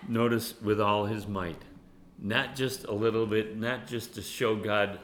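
A man preaching a sermon in an animated way, laughing often and dropping to a hushed tone when he voices prayers. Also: lowish voice, a little slow, reverberant. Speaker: pastor. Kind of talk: sermon with Bible study.

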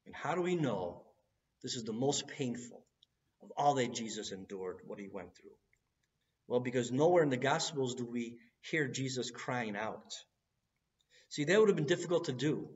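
A man preaching a sermon in an earnest way, building to loud cries at key moments. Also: mid-range voice, expressive, normal speed, recorded from a distance, dull audio.

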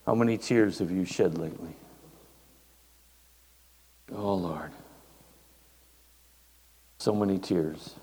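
An older man preaches in a slow, unhurried, folksy way, chatting with the congregation as he goes. His voice sits low and rings out in a large hall with a long reverb. Faint room noise lies under it. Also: warm tone, husky. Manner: folksy, conversational. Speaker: pastor. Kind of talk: sermon. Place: church hall.

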